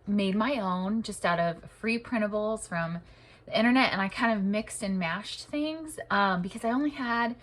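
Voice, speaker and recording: Young woman, hoarse and husky voice, casual rambling chat, homeschool mom vlogger. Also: medium pitch, normal speed, fairly bright tone. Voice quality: rough, husky. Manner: chatty, rambling with fillers. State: hoarse, partly lost voice.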